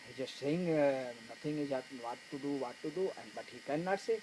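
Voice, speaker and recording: A man's voice: mid-range voice, fairly quick, few pauses, background noise. Man giving a talk in broken English. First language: not English. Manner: broken English, retelling a film story. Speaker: spiritual teacher. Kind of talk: spoken discourse to meditation students.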